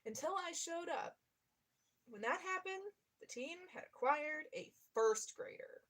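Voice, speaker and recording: A woman with a somewhat high voice reads a memoir aloud at an even, steady pace. She now and then breaks off to react to the text in a casual, chatty way before going back to reading. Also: a little slow. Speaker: reader.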